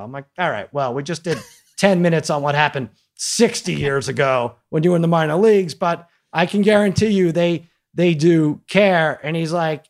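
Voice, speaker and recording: A man hosting a podcast, telling a story in a lively, casual way and acting out the quotes. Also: on the high side, normal speed. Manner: animated storyteller, acts out quotes. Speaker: podcast host.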